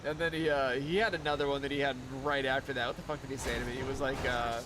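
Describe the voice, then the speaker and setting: A man's voice: mid-range voice, level tone, fast, fairly bright tone, a little hiss or hum. A young man streaming live, chatting casually in a rambling, profane way and laughing often. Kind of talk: casual chat while streaming a game.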